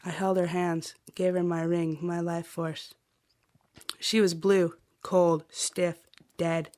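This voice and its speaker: A woman reading a personal journal aloud in a quiet, even, intimate way. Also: fairly low pitch, slow, no room sound, studio quality.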